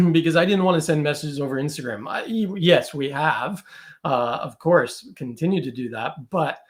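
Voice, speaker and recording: A man's voice: fairly high pitch, normal speed. A man talking as a podcast guest in casual conversation, chatty and loose, full of fillers and quoted asides.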